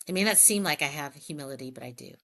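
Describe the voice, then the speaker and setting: A middle-aged woman with a fairly low voice speaks as an interview guest. She tells candid, animated stories and acts out the quoted back-and-forth. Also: quick pace. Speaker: health plan president, guest. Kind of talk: conversational interview storytelling.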